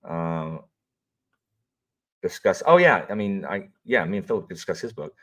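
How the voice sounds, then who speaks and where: A man's voice: sits low, animated, measured pace, fairly bright tone. A man chatting casually on a livestream, rambling with many fillers and restarts as he greets viewers and talks about what he is reading. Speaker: audiobook narrator and livestream host.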